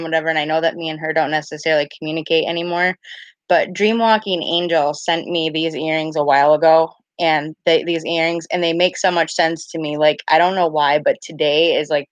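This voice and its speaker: A woman's voice: deep voice, no echo, dull audio. A woman in her thirties chatting casually on a live stream, rambling and peppering her talk with "like" and "I was like", greeting viewers by name. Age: 30s. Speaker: live-stream card reader. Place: home at night.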